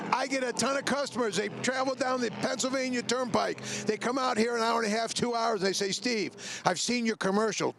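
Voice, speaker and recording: A man, a car dealer making an emphatic sales pitch that repeats its slogans and talks straight to buyers. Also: creaky, a bit bright.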